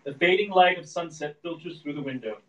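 A man reading the stage directions of a screenplay aloud at a live reading, in a steady, descriptive manner. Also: fairly high pitch, fairly quick. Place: event room at a live reading. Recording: echoey room, distant mic.

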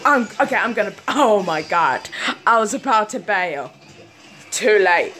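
A woman talks through her own gameplay in an excitable, easily flustered way, full of exclamations. Her pitch is mid-range and her pacing is slow and drawn out. Light game music plays quietly underneath. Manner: excitable, exclaiming often, quick to panic and laugh at herself. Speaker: gaming video host. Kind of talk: live gameplay commentary.

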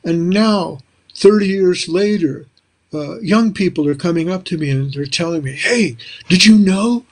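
An older man with a slightly high voice tells stories in an animated way, chuckling and slipping into other people's voices. He speaks over a video call from a small book-lined room. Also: normal speed. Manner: animated, chuckling storyteller who acts out dialogue. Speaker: spiritual teacher and author. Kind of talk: reflective storytelling interview.

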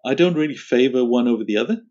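A man chatting as a podcast guest, relaxed and quick to laugh. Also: medium pitch. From Australia. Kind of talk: casual interview chat. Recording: dull lo-fi audio.

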